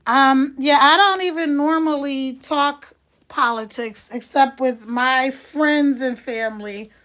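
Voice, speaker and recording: A woman's voice: high-pitched, slow, fairly bright tone. A woman in her sixties chatting frankly on a live stream, greeting viewers by name and answering comments. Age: 60s. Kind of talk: casual live-stream chat.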